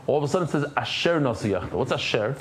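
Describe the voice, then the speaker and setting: With some faint background noise, a man in a mid-range voice teaches Talmud as a Daf Yomi instructor, speaking very fast. His stories are animated, with acted-out character voices and a mix of Hebrew and Yiddish terms.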